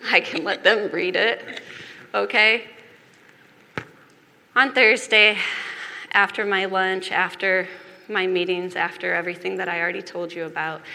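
A woman delivers a confessional sermon, earnest and heavy on repetition. Her tone is bright and her pace unhurried. The voice carries a long hall reverb over faint background noise. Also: lowish voice, vocal fry. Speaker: preacher. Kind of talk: personal testimony sermon.

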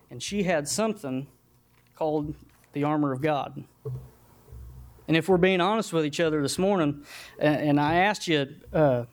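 A man preaching a folksy, earnest sermon in a church. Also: on the high side. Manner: folksy, self-deprecating, earnest. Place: church sanctuary.

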